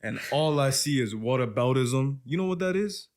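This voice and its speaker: A man's voice: mid-range voice, moderate pace. A man with a Canadian accent co-hosting a podcast, in casual chat, speaking animatedly and calling his friend bro. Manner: animated, says "bro" a lot. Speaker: podcast co-host.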